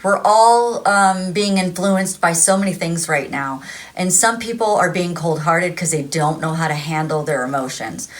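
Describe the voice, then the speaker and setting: A woman in her thirties talks through a tarot reading in a loose, rambling way. She laughs often and keeps her voice a little low. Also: moderate pace. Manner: chatty and rambling, laughing often, acting out quotes. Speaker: tarot reader. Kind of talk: casual spoken tarot reading.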